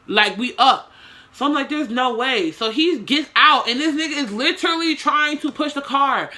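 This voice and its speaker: A woman's voice: high-pitched, normal speed, sharp tone. A young woman telling a story to her camera in casual slang, with swearing and lots of dramatic asides.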